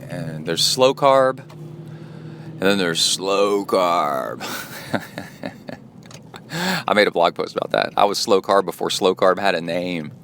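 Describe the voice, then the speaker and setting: A man's voice: low-pitched, fairly bright tone, a little hiss or hum. A man who coaches triathlon and hosts a podcast, talking in a rambling, chatty way. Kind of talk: casual spoken monologue.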